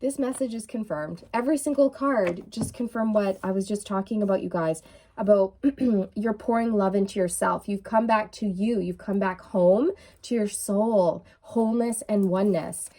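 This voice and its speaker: A woman giving a casual, excitable tarot reading to her viewers, full of fillers and restarts, with a frog in her throat. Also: medium pitch, moderate pace. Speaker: tarot reader. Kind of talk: intuitive tarot reading to camera.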